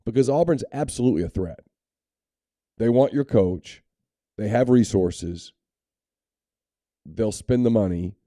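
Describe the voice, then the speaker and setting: A man's voice: lowish voice, mellow, no echo, studio quality. A man co-hosting a sports podcast, talking candidly and opinionatedly in casual chat, with frequent restarts. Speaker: podcast co-host.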